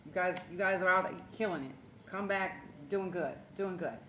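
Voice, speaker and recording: A woman's voice: fairly low pitch, moderate pace. Rambling, profane woman livestreaming. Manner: rambling, profane, animated, laughs often. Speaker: spiritual livestream host, tarot reader. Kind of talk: casual livestream chat. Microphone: phone. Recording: roomy echo, faint background hum.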